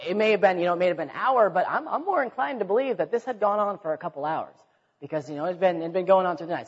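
This preacher speaks conversationally, frequently repeating words and performing quoted speech. He has a high, slightly rough voice, recorded dully in an echoing hall.

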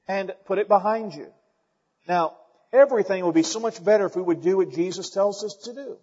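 A man preaching a sermon as pastor, emphatic and building to loud points, calling out to the congregation. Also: sits high, a little fast, slightly rough. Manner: calls out to the congregation. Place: church sanctuary. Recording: dull lo-fi sound with long hall reverb.

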